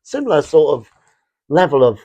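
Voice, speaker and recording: A middle-aged man, a fashion brand founder, telling rambling, animated anecdotes with lots of restarts in a casual interview. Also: fairly high pitch, normal speed, slightly rough, no echo, highs cut off.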